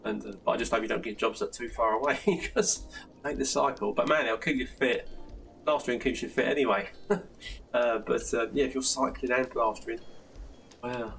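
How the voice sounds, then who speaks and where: Chatty older man, gravelly voice. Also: mid-range voice, a little fast, fairly bright tone, soft background music. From South London. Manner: chatty, laughs often, many restarts. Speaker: live stream host answering plastering questions. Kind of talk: casual live stream chat. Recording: slightly distant mic with faint background noise.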